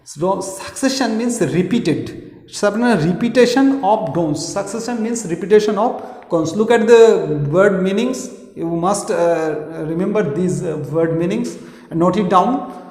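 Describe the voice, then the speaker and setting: A man's voice: high-pitched, measured pace, a little mellow. A man teaching English, reading a story aloud and explaining word meanings, often repeating and rephrasing himself. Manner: repeats and rephrases, frequent restarts. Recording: echoey room with long reverb.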